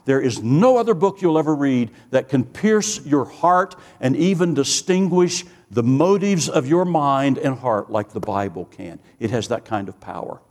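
A man's voice: mid-range voice, animated, normal speed, few pauses, a little mellow, in a large hall. A man preaching a sermon with earnest emphasis, building through rising lists of phrases and telling stories with quoted dialogue.

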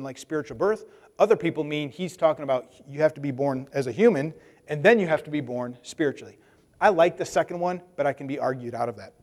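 A man's voice: medium pitch, darkish tone, in a large hall. A man preaching a conversational sermon, acting out the voices of the people in his story. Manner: conversational, acts out voices of Bible figures. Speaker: pastor.

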